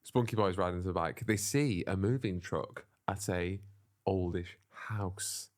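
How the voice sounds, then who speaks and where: Low-voiced man spinning a silly story. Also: a little slow. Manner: rambling, acts out characters in silly voices. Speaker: podcast co-host. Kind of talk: improvised comic storytelling.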